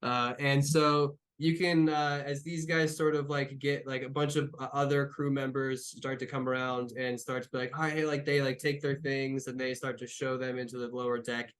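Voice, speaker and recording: A man's voice: medium pitch, little pitch movement, moderate pace, hardly any pauses, fairly bright tone. A man running a tabletop game as game master, narrating loosely with fillers and restarts.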